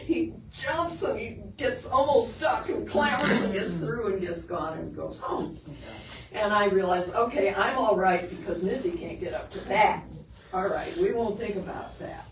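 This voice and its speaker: Middle-aged woman minister, story-driven sermon, slow delivery, recorded far off in a roomy hall. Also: medium pitch. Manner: lively storytelling, shifts into soft earnest emphasis. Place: sanctuary of a spiritual center. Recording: roomy, distant, with background noise.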